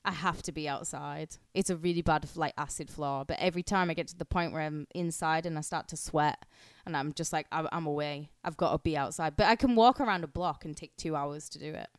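A woman's voice: deep voice, a little fast, smooth, no echo, studio quality. A woman co-hosting a podcast, joking bluntly in casual banter and talking over the others. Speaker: podcast co-host.

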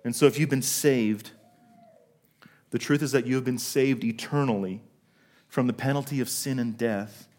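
A middle-aged man preaching a sermon to a congregation, telling a story from his own working life and slowing down to stress key words. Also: medium pitch, darkish tone. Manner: storytelling, asks the congregation questions, slows for emphasis. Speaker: pastor.

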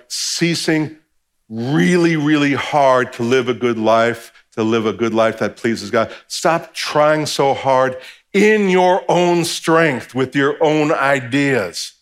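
A man preaching a sermon in a mid-pitched voice, talking to the congregation like a conversation. He drops to a hushed, low tone, then rises to raised, emphatic stretches, acting out the voices he quotes. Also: expressive, slow. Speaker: pastor.

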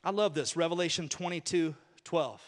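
A pastor with a slightly high voice preaches a sermon to his church congregation at a moderate pace. He calls for responses and repeats key phrases for emphasis.

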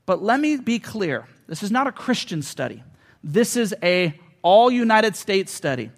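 Guy in his 40s preaching, really high voice, chatty storytelling sermon, leans hard on key points. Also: big pitch swings, measured pace. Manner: conversational, storytelling, emphatic. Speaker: pastor. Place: church hall with audience.

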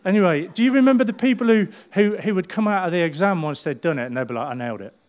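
A middle-aged man, preaching a sermon as a pastor in a lively storytelling manner. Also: high-pitched, fast. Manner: animated storytelling, acting out people's voices.

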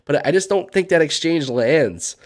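A man's voice: on the high side, expressive, moderate pace. Rambling, stammering podcast guy. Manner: rambling, lots of restarts and repeated words. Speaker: podcast co-host. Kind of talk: casual chat.

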